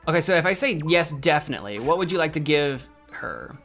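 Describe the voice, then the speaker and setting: A man's voice: a little high, very animated, a little fast, gravelly, a bit bright, faint music behind. A man streaming a video game, chatting casually, laughing often and thinking aloud as he reacts to what happens on screen. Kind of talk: casual let's-play commentary.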